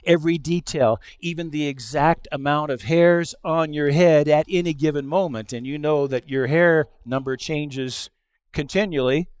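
A middle-aged male pastor delivering a conversational sermon, telling stories and acting out quoted lines, moving between hushed asides and loud exclamations. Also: on the high side, moderate pace, smooth, no room sound, clean studio sound. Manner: conversational storytelling with acted-out quotes.

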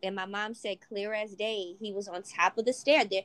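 A woman co-hosting a casual podcast chat, animated and acting out quoted voices. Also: mid-range voice, normal speed, no echo. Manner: animated, swears, acts out quotes. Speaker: podcast co-host.

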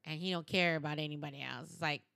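A woman's voice: deep voice, quick pace, creaky, pushed and bright, no echo, clean studio sound. A woman co-hosting a podcast in casual chat, playful and slangy, telling stories with quoted voices. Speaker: podcast co-host.

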